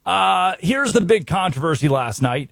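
An American man hosting a sports radio show, brisk and wry, full of rhetorical questions. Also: high-pitched, animated, creaky, fairly bright tone, no echo. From United States.

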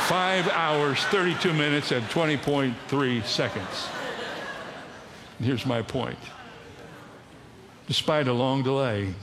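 A man's voice: medium pitch, a bit bright. A man preaching an earnest sermon as a pastor, exhorting his listeners with emphatic repetition. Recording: long hall reverb, faint noise.

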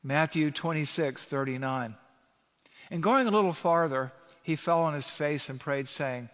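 A pastor preaching an animated sermon, reading scripture aloud and building to emphatic peaks. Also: male voice, a little high, a little slow. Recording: long reverb of a large hall.

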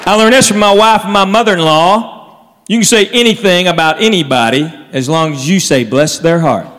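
A man telling stand-up stories, with wry, drawn-out punchlines. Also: sits high, fairly bright tone, big-room sound. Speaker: stand-up comedian. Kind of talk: stand-up storytelling. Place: comedy stage before a live audience. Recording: noisy live show with crowd laughter. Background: audience laughing.

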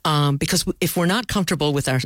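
Animated woman palliative clinician. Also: quick pace, no echo, studio quality. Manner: animated, rises high when telling stories. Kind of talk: conversational interview storytelling.

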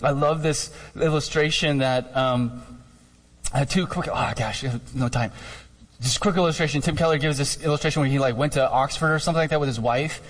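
A male pastor giving a conversational, animated sermon with jokey asides. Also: fairly high pitch, fairly quick. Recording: long hall reverb.

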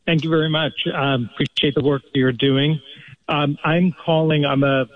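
A man's voice: fairly high pitch, fairly even intonation, moderate pace. Earnest male caller on a tinny phone line. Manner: earnest, explanatory, many restarts. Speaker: radio caller. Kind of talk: phone-in call.

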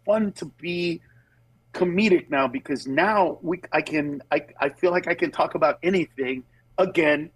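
A man's voice: fairly high pitch, moderate pace, slightly rough, poor audio. A male comedian on a phone-in radio interview, telling stories animatedly and acting out other people's voices, often restarting his sentences. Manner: animated storytelling, acts out voices, many restarts. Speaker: comedian guest. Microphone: phone or Bluetooth line.

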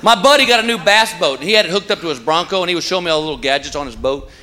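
A man doing a stand-up routine, telling stories and slowing down for punchlines. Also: a little high, animated, noisy background. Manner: drawling storyteller, punchlines delivered slow. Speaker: stand-up comedian. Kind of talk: stand-up routine before a live crowd. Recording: live club recording with loud crowd.

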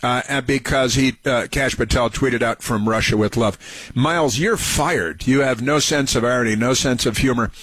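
A man's voice: medium pitch, moderate pace, hardly any pauses, fairly bright tone, husky, no echo. A man hosting a talk radio show, sarcastic and combative, full of ums and uhs. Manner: sarcastic, combative, filler-heavy.

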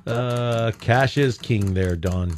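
A man's voice: mid-range voice, takes it slowly, slight background noise. A man hosting a call-in radio show, joking with callers and laughing often. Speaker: radio host.

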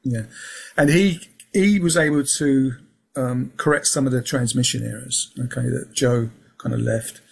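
A man speaks in a rough, gravelly voice with a husky, airy edge. He talks as a guest in a relaxed interview, wandering through his points with plenty of ums and restarts. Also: mid-range voice, moderate pace. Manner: rambling, restarts often, fills with um and yeah. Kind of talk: casual interview chat. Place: lives in England.

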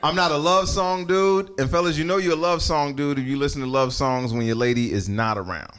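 A man's voice: on the high side, a little fast, fairly bright tone. A man doing stand-up, talking bluntly and addressing the crowd directly. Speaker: stand-up comedian. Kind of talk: stand-up set. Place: comedy club stage.

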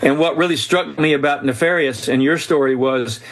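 Earnest male storyteller, slightly high voice. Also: normal speed. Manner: earnest, animated, frequent restarts. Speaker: author and guest. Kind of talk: storytelling in an interview.

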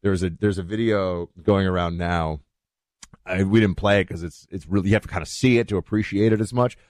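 A man holds forth as a talk show host, his voice sitting on the low side. The sound is dry and close, with no room in it. He rambles casually, circling back with fillers and restarts. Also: steady tone, brisk, darkish tone, dry recording.

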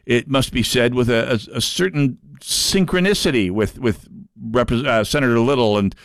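A man from North Dakota hosting a talk radio show, sardonic and halting, with mocking asides. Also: medium pitch, vocal fry, no room sound, clean studio sound. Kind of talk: opinionated talk radio monologue.

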